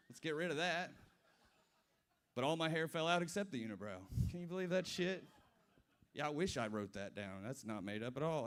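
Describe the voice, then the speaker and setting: A man's voice: fairly high pitch, a bit bright, smooth. A man in his twenties doing a stand-up set at a brewery, telling loose, profane stories with asides to the crowd. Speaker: stand-up comedian. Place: brewery comedy stage.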